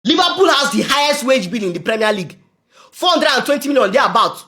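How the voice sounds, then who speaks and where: Fast, exasperated Nigerian man ranting. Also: extremely high pitch, animated. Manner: exasperated, loud, repeats rhetorical questions. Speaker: football fan vlogger. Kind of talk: ranting fan reaction.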